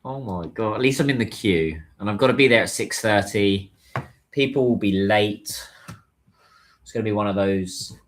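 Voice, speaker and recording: Man, casual livestream chat, lowish voice, answers comments, waiting in a queue, phone mic. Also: normal speed. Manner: chatty, muses aloud and answers viewer comments. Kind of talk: casual live-stream chat.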